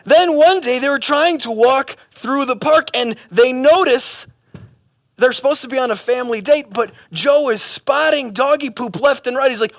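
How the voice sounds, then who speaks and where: Lively high-voiced male preacher. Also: moderate pace. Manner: animated storyteller, casual slang. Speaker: pastor. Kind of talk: sermon with a comic parable.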